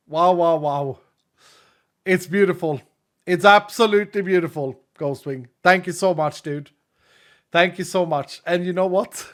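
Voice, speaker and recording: A male streamer in his late thirties talks casually to his live chat and reads out viewer messages. His voice sits somewhat high for a man. He is openly emotional and gushing, and he laughs a lot between lines. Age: late 30s.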